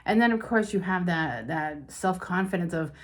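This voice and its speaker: Low-voiced middle-aged woman life coach. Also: normal speed. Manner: candid and confiding, talks through her feelings. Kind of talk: personal talk to camera.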